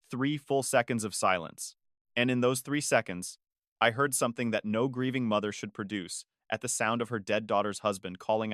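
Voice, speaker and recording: A man of middling pitch narrating a first-person drama, measured and confessional. The delivery is steady and deliberate. His voice is dry and close, with no room sound around it. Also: dry recording. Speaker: storyteller.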